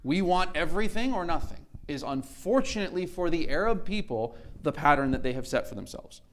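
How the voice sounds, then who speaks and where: A man's voice: on the high side, animated, a little fast. A middle-aged man giving a conversational history lecture with slides at a church conference, acting out the quoted voices of the sides he describes and correcting himself as he goes. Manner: conversational, acts out quoted speakers, self-correcting. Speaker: conference speaker.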